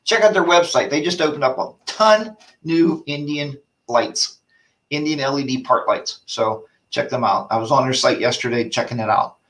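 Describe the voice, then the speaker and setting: A man's voice: mid-range voice, normal speed, fairly bright tone, distant mic. A man hosting a casual live-stream chat, rambling and ranting while reading viewer comments aloud. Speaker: host of a motorcycle chat show.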